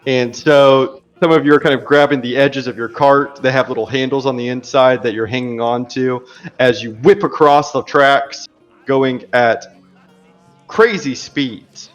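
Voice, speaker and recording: A man narrating a tabletop role-playing game as game master, in a relaxed, chatty way. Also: medium pitch, measured pace, faint music behind. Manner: relaxed and chatty, laughs easily.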